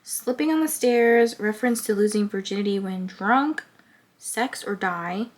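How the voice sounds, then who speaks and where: A woman who vlogs about books chats casually about what she's been reading and reads book blurbs aloud, peppering her speech with "like." Her voice is medium in pitch and her pace is measured.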